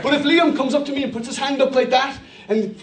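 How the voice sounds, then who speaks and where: High-voiced Irish pastor in echoey hall. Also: male voice, steady tone, quick pace. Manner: jovial, joking with the congregation. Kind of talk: sermon. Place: church hall. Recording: echoey hall, mic far off.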